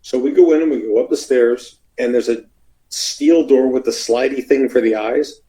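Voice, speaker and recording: A man's voice: medium pitch, moderate pace, rough recording. A man telling a long road story in a casual interview, acting out the voices of the people in it. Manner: animated, acts out quoted voices.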